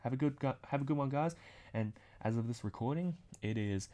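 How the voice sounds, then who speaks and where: A man's voice: mid-range voice, lively intonation, a little fast, dark tone. A man hosting a casual comic recap video, chatty and rambling as he strings events together. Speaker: video host.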